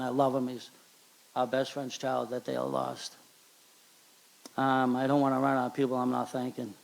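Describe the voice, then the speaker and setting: A middle-aged man with a Boston accent giving an emotional hall of fame acceptance speech at a banquet, halting and repeating words. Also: medium pitch, gravelly. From Charlestown, Boston.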